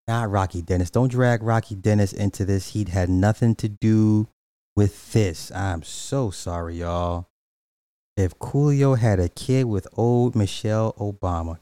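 Slow low-voiced streamer guy clowning on his chat, mellow tone, dry close sound. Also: clean tone, no room sound. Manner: loose, joking, roasting chatters in slang. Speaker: livestreamer reading chat. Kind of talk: casual livestream chat.

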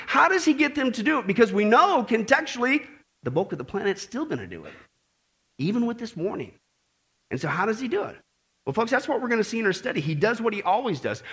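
A man preaching a sermon as pastor before a congregation, animated and joking with the people as he reads and comments on scripture. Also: extremely high pitch.

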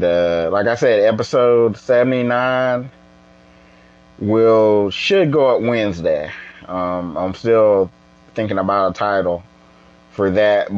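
A tired man hosting a casual solo podcast, rambling and halting with many restarts. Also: fairly low pitch, a little mellow, muffled recording. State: tired, yawning. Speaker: podcast host.

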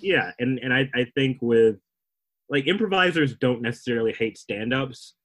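Young male comic guest, mid-pitched, rambling and wry, casual interview. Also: animated, normal speed, fairly bright tone, low-quality recording. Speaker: comedian guest.

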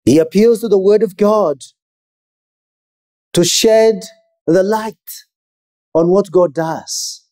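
A man preaching a sermon in a measured, emphatic way with pauses. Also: high voice, warm tone.

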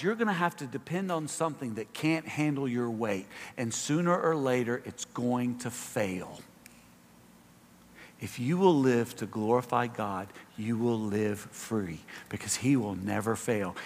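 In the long reverb of a large hall, a medium-pitched man preaches as pastor in a church sanctuary. He's impassioned, climbing to emphatic, raised exhortations, then dropping into quieter asides with frequent fillers.

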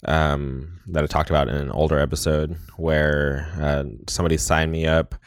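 In clean, echo-free studio sound, a podcast host with a very deep, smooth, level voice recaps a movie at a moderate pace. He rambles casually, leaning heavily on "like" and "um."

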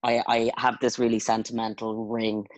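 A woman's voice: extremely low pitch, little pitch movement, moderate pace, no room sound. Rambling woman, dry close sound. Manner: rambling, self-conscious, many fillers. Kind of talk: casual chat.

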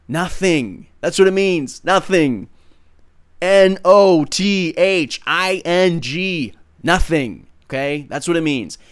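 A man in the middle of a sermon, speaking in a mid-pitched voice with an earnest, emphatic delivery. He swings between loud bursts and quiet, drawn-out passages. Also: vocal fry. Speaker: preacher and podcast host.

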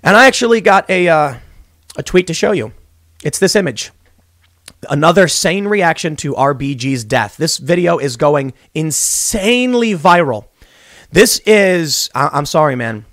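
A young man hosts his podcast from a small closet studio, and his voice sits a little high for a man, swinging widely up and down as he rants. He rambles and restarts his sentences, piling on opinion, and the sound is close and dry with no room echo. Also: unhurried. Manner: animated and rambling, with many restarts. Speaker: podcast host. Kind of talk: opinionated political commentary.

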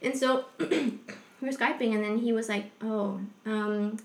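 A young woman telling a personal story in a casual, rambling way, full of fillers, with a soft confessional tone. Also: a little high, fairly even intonation, measured pace, creaky, reverberant.

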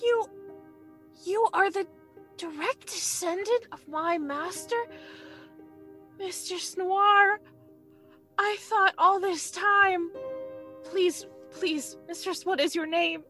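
A woman voicing a small male house gnome servant who is eager and worshipful, speaking in a slow, fawning, pleading way. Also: very high-pitched, pushed and bright, faint music behind, pitched above the performer's own voice, heavily acted.

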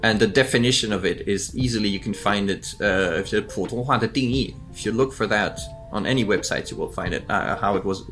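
Low-voiced man explaining accents. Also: a little fast, hardly any pauses, fairly bright tone, faint music behind. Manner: thoughtful, restarts often, imitates accents with laughter. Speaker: guest. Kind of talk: casual interview talk.

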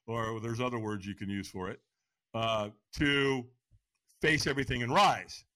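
A man telling his story as a podcast guest, lively and animated, acting out quotes and laughing often. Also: no echo. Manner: lively storyteller, acts out quotes with big pitch jumps. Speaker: guest, firewalk instructor.

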